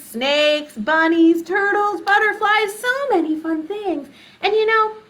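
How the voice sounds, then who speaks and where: A woman leading a children's storytime in a library, talking to young kids with big gasps, squeals and playful questions. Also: high voice. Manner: animated, exaggerated gasps and squeals.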